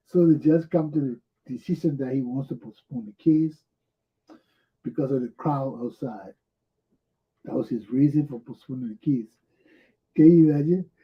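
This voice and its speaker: Male talk-show host, high voice, animated political commentary, lo-fi muffled audio. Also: measured pace, long pauses. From Liberia. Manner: animated, mimics others in raised voice, rhetorical questions.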